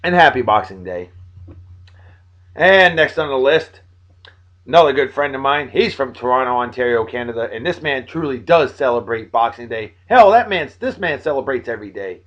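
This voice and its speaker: A tired man in his forties, hosting a video blog, giving friendly, joking shout-outs to friends and jumping between loud bursts and low mumbles. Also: animated, moderate pace. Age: 40s.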